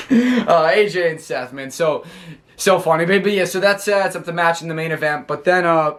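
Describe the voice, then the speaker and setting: A man's voice: on the high side, normal speed, pauses often, a bit bright. A man from the United States casually recapping a wrestling show, rambling and stammering with frequent laughs.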